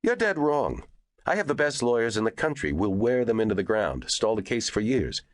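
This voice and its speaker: A man playing an arrogant rich mogul, irritable, demanding, lively pitch, husky. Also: fairly quick, dry recording, clean studio sound. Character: arrogant rich middle-aged male media mogul, irritable.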